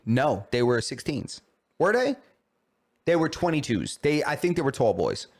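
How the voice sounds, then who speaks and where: Slangy New guy, a bit high-pitched. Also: moderate pace. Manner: animated storyteller, slangy and profane, acting out quotes. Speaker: podcast co-host. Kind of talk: casual chat.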